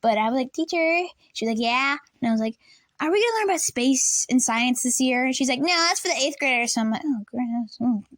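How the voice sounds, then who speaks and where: A young woman telling a personal story in a casual storytime vlog, acting out the people in it with lively voices. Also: sits high, a little fast, no echo. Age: young adult. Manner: animated, acts out classmates and teachers. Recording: dry close room, faint lamp buzz.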